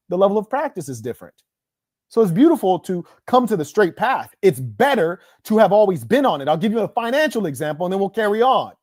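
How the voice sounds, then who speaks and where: A man's voice: sits high, sing-song, fast talker, a little mellow, no echo, studio quality. A man hosting an online livestream, delivering a combative monologue in a boastful, scornful, preachy way. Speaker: online show host.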